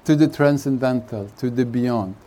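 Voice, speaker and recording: A man speaking as a spiritual teacher at a retreat, giving an unhurried satsang talk with jokes and chuckling between his thoughts. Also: medium pitch, dark tone. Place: retreat hall.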